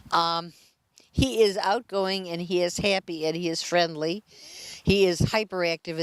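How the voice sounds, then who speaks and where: A woman hosting an animal show, introducing shelter dogs for adoption with heaps of praise and chatty asides to the dogs and crew. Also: sits low.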